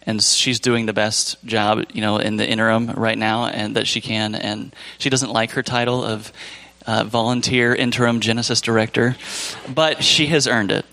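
A man's voice: on the low side, flat delivery, moderate pace, few pauses, sharp tone. A man leading a church service gives casual, rambling announcements and loses his train of thought. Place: church sanctuary.

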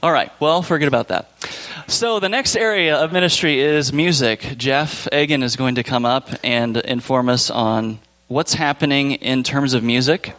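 A man's voice: medium pitch, normal speed, few pauses, fairly bright tone. A man at a church service runs the announcements in a loose, conversational way. He wanders off track and loses his thread. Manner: casual, rambling, loses his train of thought. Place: church sanctuary.

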